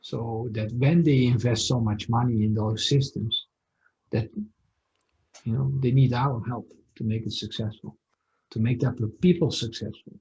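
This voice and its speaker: Gravelly, hesitant man on a dull call. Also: medium pitch, fairly even intonation, moderate pace, mellow. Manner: hesitant, many fillers. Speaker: interview guest, company founder. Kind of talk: business interview.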